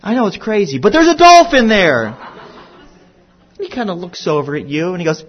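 A man teaching a Bible lesson to children, telling it slowly and deliberately with playful asides. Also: high voice, sing-song, muffled recording, background noise.

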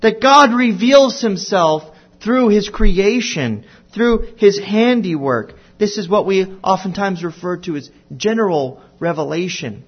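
Slow, high-voiced man teaching Bible. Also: expressive, husky, muffled recording. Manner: slow, deliberate storytelling with playful asides. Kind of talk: Bible lesson for children.

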